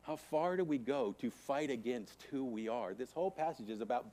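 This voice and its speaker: A man teaching Sunday school, preaching with a repetitive, emphatic cadence and dramatic swings from hushed to loud. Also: mid-range voice, expressive, normal speed, hardly any pauses. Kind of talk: Bible teaching to a congregation.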